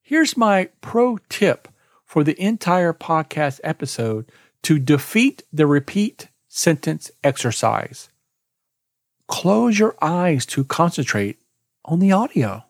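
A man hosting a podcast lesson on exam preparation, reading a scripted, deliberate lesson and spelling out web links letter by letter. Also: on the high side, very animated, no echo, clean studio sound. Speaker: exam prep podcast host.

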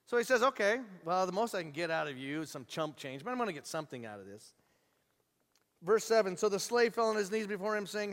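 Animated high-voiced preacher in a reverberant hall. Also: male voice, fast. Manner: animated storytelling, acting out the characters' voices. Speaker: pastor. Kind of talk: sermon.

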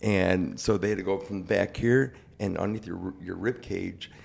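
A man's voice: sits low, steady tone, moderate pace, vocal fry, a little mellow, breathy edge. A young man speaking candidly and plainly in a casual interview, recounting his own experience. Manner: candid, plain-spoken, quotes others in his retelling. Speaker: guest sharing his cancer story.

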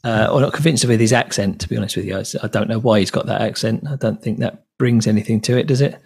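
A man's voice: on the low side, quick pace, creaky, darkish tone, breathy edge. A man co-hosting a casual chat, chatty and full of questions. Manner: chatty, asks questions, many fillers. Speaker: podcast co-host.

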